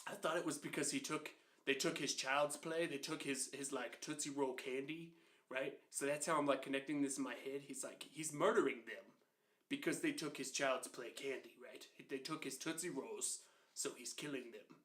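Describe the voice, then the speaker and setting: A man in his twenties telling a comedic childhood story in an animated, conversational way, with quick asides to the listener. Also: mid-range voice. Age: 20s.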